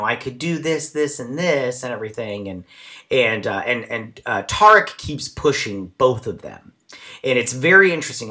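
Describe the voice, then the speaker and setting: A man with a medium-pitched, sharp-toned voice hosts a casual recap and review of an episode. He's chatty and rambling, filling his talk with plenty of fillers.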